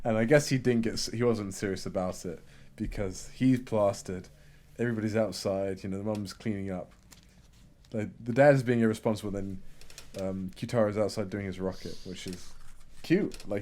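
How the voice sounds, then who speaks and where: A man's voice: on the low side, moderate pace, warm tone. A man in casual chat as a manga discussion co-host, playful and retelling scenes with amusement.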